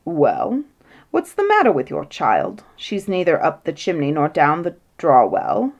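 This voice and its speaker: A grumpy, pompous fairy-tale king who enjoys a quarrel with his queen, read by a woman in a slightly low voice. He blusters and sounds pleased with himself. The storybook telling stays measured. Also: huge pitch swings, vocal fry, lo-fi sound, exaggerated voice. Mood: blustering. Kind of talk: storybook reading.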